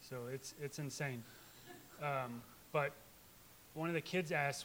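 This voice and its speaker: A man's voice: on the high side, slow, a bit bright. A man, a church member, speaks earnestly to the congregation in a slightly raised voice. His testimony is unscripted and rambling, full of restarts, over a faint hiss. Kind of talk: informal testimony.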